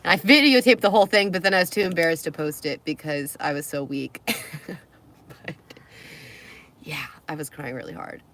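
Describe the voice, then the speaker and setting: A woman's voice: deep voice, moderate pace, pauses often, fairly bright tone, slight background noise. A young woman from California, chatting and rambling in a casual travel vlog from the car she lives in, often laughing. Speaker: vlogger.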